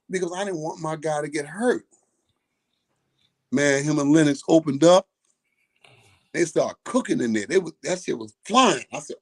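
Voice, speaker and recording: A man's voice: mid-range voice, a little fast. An older man, a boxing trainer, telling a profane story and acting out the quoted voices. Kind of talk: casual storytelling.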